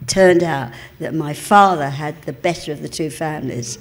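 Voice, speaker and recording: A woman's voice: sits low, normal speed. Chatty older East End London woman. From England. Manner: chatty, animated storyteller, laughs often, calls people darling. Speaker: interview guest. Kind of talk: live stage interview. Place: cinema auditorium with a live audience. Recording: long hall reverb.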